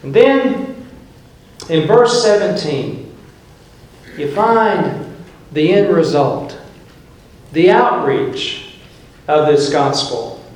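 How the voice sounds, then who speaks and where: Guy pastor preaching slow and emphatic, kinda high voice, lots of church echo. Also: expressive, a little mellow. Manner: emphatic, storytelling preacher who paints scenes. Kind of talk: sermon. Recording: very echoey church room.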